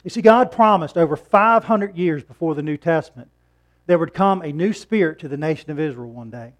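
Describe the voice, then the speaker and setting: A middle-aged male pastor delivering a Sunday sermon, talking in a relaxed, conversational way. His voice sits a little higher than most men's, and he pushes it up and louder when he drives a point home. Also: fairly quick. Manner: conversational preaching, rising emphatic on key points.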